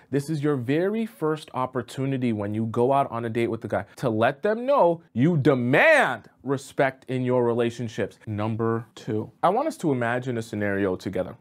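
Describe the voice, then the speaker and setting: A man hosting a relationship advice video, speaking emphatically and instructively. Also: medium pitch. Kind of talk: direct-to-camera advice monologue.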